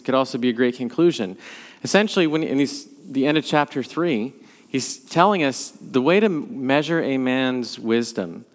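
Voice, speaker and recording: A man leading a Bible study class, talking through the passage conversationally and thinking aloud as he goes. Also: medium pitch. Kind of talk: leading a church class discussion. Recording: long hall reverb.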